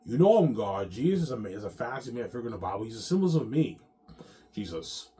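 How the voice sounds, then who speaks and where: Here the vlogger's voice sits at medium pitch with a dark tone, swinging widely in pitch at a fast clip. He talks straight to viewers in a long, rambling, profane stream, repeating himself and closing lines with "man" and "yeah."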